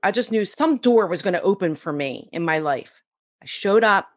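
A middle-aged woman, a podcast guest, telling her story in a casual, animated way and acting out the voices of people she quotes. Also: medium pitch, normal speed. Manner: animated, acts out quoted dialogue.

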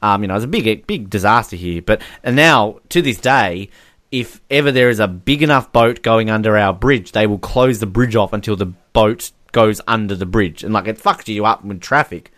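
A man's voice: on the low side, moderate pace, a bit bright, no room sound, clean studio sound. A man co-hosting a casual film commentary podcast, joking, laughing often and restarting his sentences. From Australia. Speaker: podcast co-host. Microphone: video call headset or desk mic.

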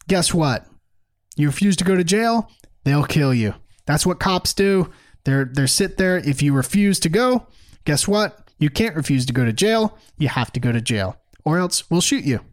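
A man with a fairly high voice delivers opinionated commentary as a host. He sounds sarcastic and mocking and keeps an emphatic, animated push behind his points.

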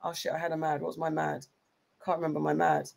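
A woman's voice: low-pitched, little pitch movement, quick pace, creaky, a little mellow. A young woman co-hosting a podcast, chatty and rambling with many ums, just over an illness. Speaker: podcast co-host. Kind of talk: casual chat.

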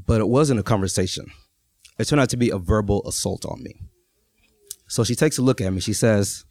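A man's voice: fairly low pitch, a little fast, long pauses, darkish tone, dry recording. A man in his thirties from Texas telling a personal story to a live audience, chatty and often checking in with his listeners. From Texas, USA. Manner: conversational, keeps checking in with the audience.

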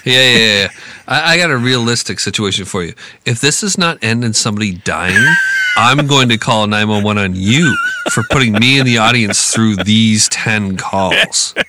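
A man's voice: on the low side, normal speed, very noisy. A man co-hosting a podcast, joking and exasperated in casual chat. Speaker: podcast co-host.

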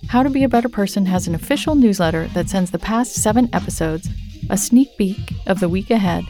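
A woman hosting a self-help podcast, talking in a gentle, reassuring, conversational way. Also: mid-range voice. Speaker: podcast host.

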